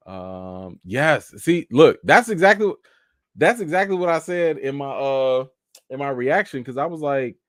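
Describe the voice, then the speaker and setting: A man's voice: medium pitch, takes it slowly, dry recording, studio quality. A man hosting a casual live chat, reading out viewer comments and acting out the characters' lines in raised voices. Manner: reads out and answers viewer comments. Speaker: live stream host.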